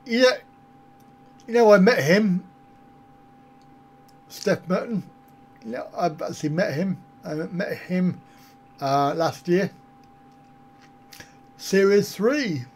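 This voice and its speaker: A man's voice: sits high, takes it slowly, long pauses, a little hiss or hum. A man on a casual live stream, answering viewer comments in a rambling, self-mocking way. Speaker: travel vlogger answering live chat.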